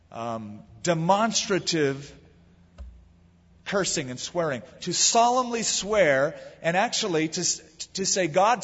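A husky-voiced American man preaching a sermon, with a voice sitting a little high for a man. He tells the story conversationally and leans into the quoted lines. The recording is dull and lo-fi, with a long reverb trailing behind him. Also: a bit bright. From United States. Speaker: pastor.

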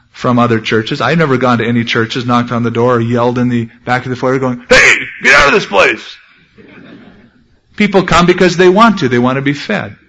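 A man preaching a sermon as a pastor, speaking earnestly and slowing down to read scripture. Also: mid-range voice, fairly bright tone, dull audio.

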